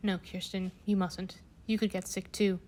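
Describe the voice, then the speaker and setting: A grieving father speaks firmly and sadly, trying to keep calm, as a woman reading the storybook puts him on. The voice stays close to the reader's own. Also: mid-range voice, moderate pace, lightly acted. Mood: sorrowful. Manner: firm, sorrowful. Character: grave, grieving family-friend father.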